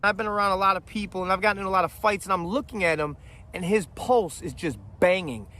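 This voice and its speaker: A man's voice: sits high, fast talker, sharp tone. A man in his forties telling a story in a heated, blunt, profane monologue. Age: 40s.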